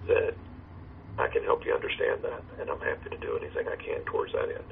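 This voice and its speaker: Pastor guy on a phone line, really gravelly and kinda low, earnest and measured, bit of hiss. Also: animated. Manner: earnest, measured, reciting a hymn slowly. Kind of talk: conversation over a call. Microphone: phone or video call. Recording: tinny phone line with faint noise.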